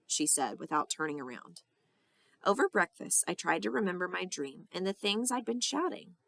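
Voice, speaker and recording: A woman teacher reads a children's story aloud, with a low, gravelly voice. The sound is dry and close, and she acts out the dialogue with lively character voices. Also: moderate pace, no echo.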